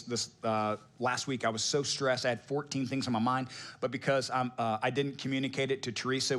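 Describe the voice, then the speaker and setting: A man's voice: medium pitch, a bit bright. A middle-aged man preaching a sermon in a conversational, joking way, often asking the congregation rhetorical questions. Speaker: pastor.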